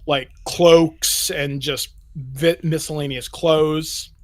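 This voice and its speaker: A man narrates a tabletop game as game master, brisk and descriptive. His voice sits a little high. It is dry and close to the mic. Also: fairly even intonation, no echo.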